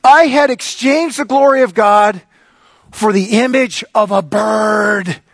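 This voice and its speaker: A middle-aged pastor preaching a sermon, telling a personal story with lively, excitable energy that sometimes rises to near shouting. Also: male voice, sits high, slow, dry recording, clean studio sound. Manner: animated storyteller, gets loud and excited.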